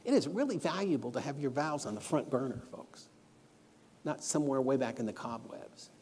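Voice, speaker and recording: A man's voice: mid-range voice, animated, moderate pace, a little mellow, slight background noise. Earnest male preacher in a reverberant hall. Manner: earnest, storytelling, instructive. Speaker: guest preacher. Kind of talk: sermon lesson. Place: church auditorium. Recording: long church hall reverb.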